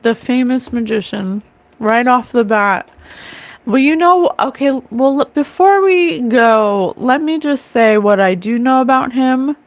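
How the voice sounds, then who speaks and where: Her voice leans high and a little slow, with no echo. She's a middle-aged psychic medium doing a live card reading on stream, chatting casually yet earnestly and emotionally with her viewers.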